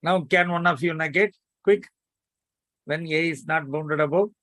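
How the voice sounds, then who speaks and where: A man's voice: on the high side, a bit bright, dry recording. Man teaching math online. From India. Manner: coaxing students to answer quickly.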